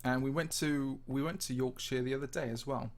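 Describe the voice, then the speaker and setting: During a livestream, a man from the English Midlands tours a Minecraft game map and casually answers viewer questions as the channel's host. He has a slightly posh accent and a mid-range voice with fairly even intonation and a fairly quick pace.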